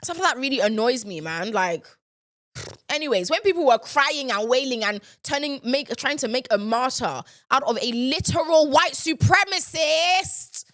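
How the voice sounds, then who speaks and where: Podcast host, young woman, higher voice, exasperated rant, dry close sound. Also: lively intonation, moderate pace, a bit bright, no echo. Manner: exasperated, ranting, repeats herself. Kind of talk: casual ranting monologue.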